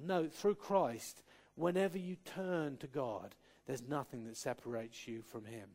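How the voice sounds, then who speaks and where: A man preaching a sermon in a slightly higher-than-usual voice. He talks earnestly, stumbles and restarts, and breaks into light humorous asides. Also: a little slow, dark tone. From Cornwall, England.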